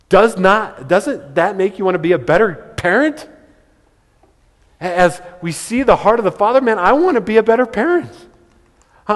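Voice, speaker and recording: A man preaching a sermon as pastor. He speaks emphatically and often repeats words as he restarts. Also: on the high side. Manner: emphatic, with stammered word repeats. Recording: long hall reverb.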